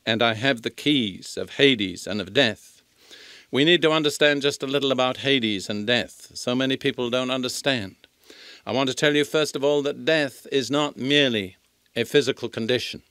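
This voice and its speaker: An older man teaching the Bible in a sermon, reading scripture slowly and emphatically. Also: medium pitch, a bit bright, clean tone, no echo.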